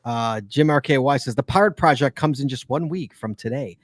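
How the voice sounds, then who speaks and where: A man's voice: mid-range voice, moderate pace, no room sound, clean studio sound. A man co-hosting a casual podcast, chatty and teasing as he reads listener emails aloud. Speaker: podcast co-host.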